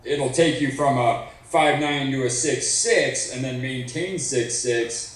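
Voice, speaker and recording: A man's voice: medium pitch, slow pace. A man who makes soil products, explaining technical details in a casual chat. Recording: far from mic in a very echoey room.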